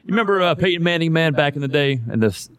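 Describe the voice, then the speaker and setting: A man's voice: fairly high pitch, expressive, fast, a bit bright, clear, resonant tone, no echo. Profane, loose-talking male podcast host. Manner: loose and profane, says "man" constantly. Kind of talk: casual chat.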